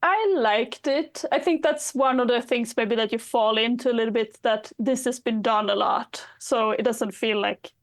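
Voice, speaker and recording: A woman's voice: on the high side, moderate pace, hardly any pauses. A woman guest on a podcast, chatting casually and thinking aloud with frequent hedges. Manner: thoughtful, hesitant, hedging. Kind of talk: casual chat.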